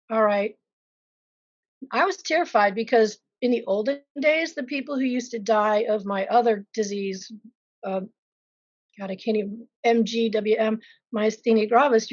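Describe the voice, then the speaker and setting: A woman's voice: medium pitch, moderate pace, no room sound, highs cut off. A woman being interviewed as a patient, speaking frankly and vividly about her own illness with self-deprecating asides. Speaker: patient sharing her story. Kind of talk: candid personal interview.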